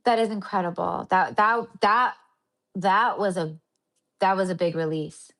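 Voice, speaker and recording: A woman's voice: mid-range voice, normal speed, fairly bright tone. A woman chats her way through a spiritual healing livestream. She rambles, restarts her sentences and leans on fillers, and she keeps calling her viewers honey and my love. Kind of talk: casual livestream chat to viewers.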